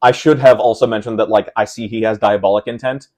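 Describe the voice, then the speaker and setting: A young man, a tournament player being interviewed, talking casually and walking through game decisions step by step, getting animated as he retells a frustrating loss. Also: lowish voice, fast talker. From Pacific Northwest of the United States.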